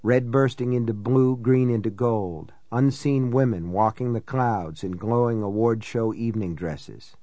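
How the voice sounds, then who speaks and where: A man narrating a first-person novel in a measured, reflective reading. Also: mid-range voice, warm tone, dry recording. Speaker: audiobook narrator.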